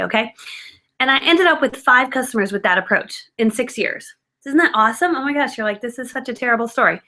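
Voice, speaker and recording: A woman's voice: fairly high pitch, a little fast, bright, forceful tone. A woman in her thirties telling her own story in casual, filler-heavy chat, self-mocking and loose. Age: 30s. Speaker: guest speaker.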